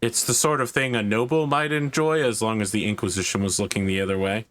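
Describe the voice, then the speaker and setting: A man running a tabletop game as game master, narrating and explaining in a measured way. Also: on the low side, steady tone, a bit bright.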